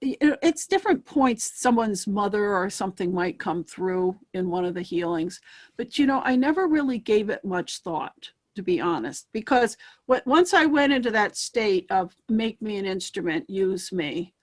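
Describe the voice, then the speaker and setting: A woman answering as a guest in a relaxed interview, picking her words slowly with frequent ums and restarts. Her voice sits at a middle pitch. She sounds reflective and careful. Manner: thoughtful, hesitant, many pauses and ums. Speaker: spiritualist medium, guest. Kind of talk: casual interview chat.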